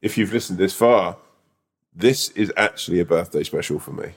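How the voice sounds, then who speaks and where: A man's voice: low voice, normal speed. A man co-hosting a podcast, telling an improvised story in a playful, rambling way. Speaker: podcast co-host.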